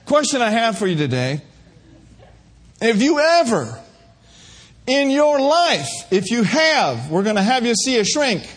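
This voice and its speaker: A man's voice: very high-pitched, very animated, unhurried, long pauses. A man preaching a sermon, emphatic and humorous, calling out to his congregation.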